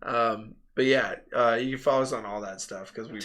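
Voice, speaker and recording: A man hosts a live stream in loose, casual chat. His voice is bright and clear, at a middle pitch. He rambles through stories, laughs often and fills pauses with ums and likes. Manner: rambling, laughs often, lots of fillers and retold anecdotes. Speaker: stream host.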